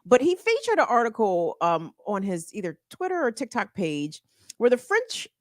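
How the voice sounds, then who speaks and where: A woman's voice: a little high, wildly swooping pitch, normal speed, no room sound, clean studio sound. A woman co-hosting a morning talk show, chatting emphatically about politics and laughing often. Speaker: co-host.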